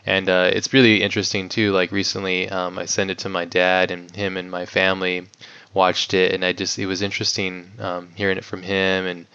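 Deep flat-voiced guy rambling about his shoot, says like a lot, kinda muffled audio. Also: brisk, clean tone. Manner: rambling, heavy on "like", swears casually. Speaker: guest filmmaker. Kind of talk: casual podcast interview. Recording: dull lo-fi audio.

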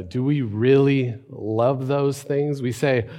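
A man preaching a sermon, telling a story and then building to emphatic, animated points. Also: mid-range voice, takes it slowly, few pauses, big-room sound. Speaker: pastor.

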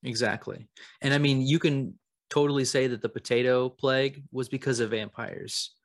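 A young man co-hosting a comedy podcast, spinning absurd claims with a mock-serious, deadpan delivery. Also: mid-range voice, normal speed, no room sound, clean studio sound. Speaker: podcast co-host. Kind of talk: improvised comedy podcast chat.

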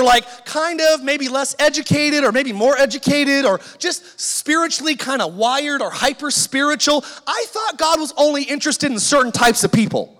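A man in his forties preaches with a strikingly high voice, telling funny stories and acting out the people in them. His words ring out with a long reverb from a large church hall. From Southern California. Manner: animated, jokey, acts out quoted voices. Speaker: pastor. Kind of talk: sermon with humorous storytelling.

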